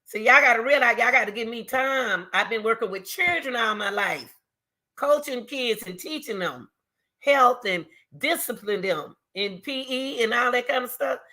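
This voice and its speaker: A middle-aged woman talking straight to her viewers in casual commentary, reading scripture between emphatic, repeated remarks in a loud, teacherly way. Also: on the high side, expressive, normal speed. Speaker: YouTuber.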